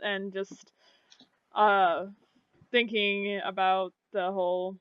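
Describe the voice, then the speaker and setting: A woman's voice: medium pitch, little pitch movement, slow pace, smooth, dry recording. A woman running a tabletop game as game master. She narrates hesitantly and fills gaps with "kinda, like.". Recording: dull lo-fi mic.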